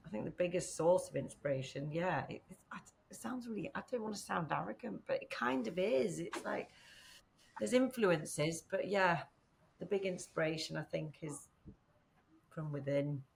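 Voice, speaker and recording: A woman from northern England chats as a podcast guest, her low voice carrying a gravelly fry. She rambles a little, filling pauses with "um" and "you know". A faint hiss of noise sits under the recording. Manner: chatty, rambling, with frequent fillers and laughs. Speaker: podcast guest, company founder. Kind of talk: casual conversational interview.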